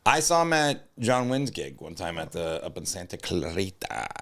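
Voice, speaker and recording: Man, low voice, bright edge, deadpan, casual comedy podcast chat. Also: moderate pace. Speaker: podcast co-host.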